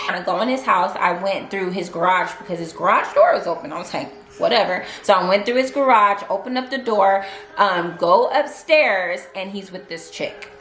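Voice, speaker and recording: A woman's voice: a little high, a little hiss or hum. A young woman vlogger telling a personal story in a candid, chatty way, full of fillers and asides to her viewers. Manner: candid, chatty, animated retelling with many fillers. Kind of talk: storytime vlog. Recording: echoey room with faint music.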